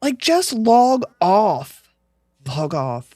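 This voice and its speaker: A woman's voice: mid-range voice, sing-song, very slow, darkish tone. A woman co-hosting a casual chat show, reacting to a clip with laughing, incredulous asides.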